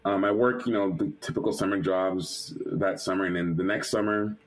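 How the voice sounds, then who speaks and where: A male animator, a guest in an interview, telling a personal story lively and acting out the quotes, with many restarts and fillers. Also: sits low, moderate pace, poor audio. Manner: lively retelling that acts out quotes.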